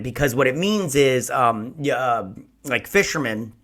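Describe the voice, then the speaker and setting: A man's voice: mid-range voice, animated, measured pace, fairly bright tone. A man hosting his own show, reviewing a TV episode in casual, rambling chat and acting out scenes in quoted voices.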